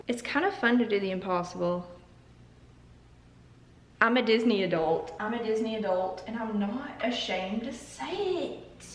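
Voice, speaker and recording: A woman's voice: a little high, lively intonation, unhurried, roomy sound, far from the mic, a little hiss or hum, low-quality recording. A young woman hosting a casual vlog, chatty and joking as she tastes coffees and drifts into tangents. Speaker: YouTuber.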